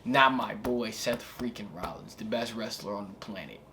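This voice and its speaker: A man's voice: lowish voice, normal speed, pushed and bright, a little hiss or hum. A young man giving casual reaction commentary as a wrestling vlogger, laid-back and slangy, rambling with filler asides.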